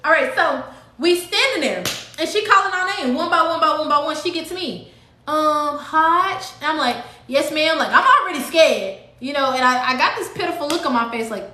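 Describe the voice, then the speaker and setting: A woman telling a dramatic story to her live viewers in a casual, animated way, acting out what people said. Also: high-pitched, moderate pace, echoey room, slight background noise. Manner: animated, dramatic retelling with acted-out quotes. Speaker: live-stream host.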